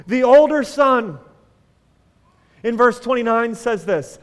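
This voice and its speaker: A pastor giving a sermon in a conversational way, putting questions to the congregation and adding wry humor. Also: male voice, extremely high pitch, expressive, moderate pace. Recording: long reverb of a large hall.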